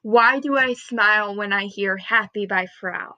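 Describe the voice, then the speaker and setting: A woman's voice: mid-range voice, normal speed, sharp tone, no echo, rough recording. A young woman in her twenties rambling and gushing to the camera in a casual chat, drifting off topic and dropping into whispers. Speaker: vlogger.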